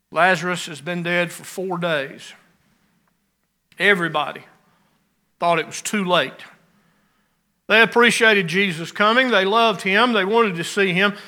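A man preaching a sermon, rising to emphatic lines and dropping to quiet ones. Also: sits high.

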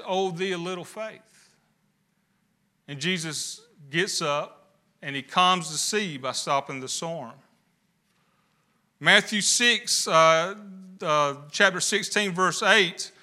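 A man's voice: a little high, bright, forceful tone. A man preaching a sermon, building emphasis with rhetorical questions. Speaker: pastor.

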